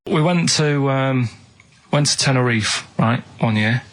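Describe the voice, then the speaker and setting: A man, a radio show regular telling a rambling story in a deadpan way in a studio. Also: mid-range voice, unhurried. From England. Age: 30s. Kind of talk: casual radio chat.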